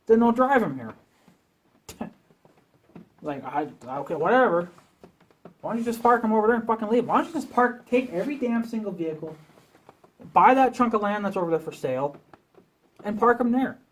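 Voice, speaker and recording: Profane, irritated man ranting casually. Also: sits high. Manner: profane, irritated, rambling rant. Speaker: vlogger. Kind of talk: casual rant to camera.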